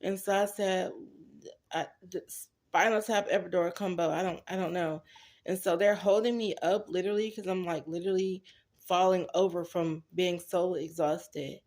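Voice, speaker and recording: A young woman with a low-pitched voice, telling a story in a loose, chatty way. She talks straight to her viewers and acts out what other people said. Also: steady tone, normal speed, darkish tone. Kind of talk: casual storytelling to camera.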